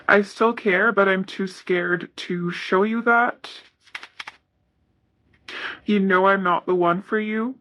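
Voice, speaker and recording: A woman giving a casual tarot reading, reading card messages aloud in a soft, hesitant way with many fillers. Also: mid-range voice, steady tone, slow pace, long pauses, slight background noise, low-quality recording. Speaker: tarot reader.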